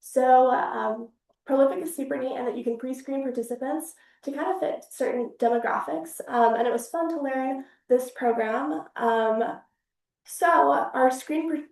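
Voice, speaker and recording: A young woman with a fairly high voice presents her student research in a casual, upbeat way, often pausing on fillers. She sounds a bit distant from the microphone, and the room has a noticeable echo. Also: a little mellow. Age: young adult. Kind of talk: academic research talk. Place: university seminar room. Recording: echoey room, speaker far from mic.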